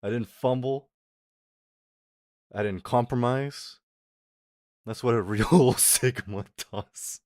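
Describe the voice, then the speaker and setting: A man's voice: medium pitch, takes it slowly, long pauses, a little mellow, dry recording, studio quality. A man streaming live, bantering crudely and mocking himself, laughing often and answering viewers' comments. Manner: chats back to viewers' comments. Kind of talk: casual live-stream chat.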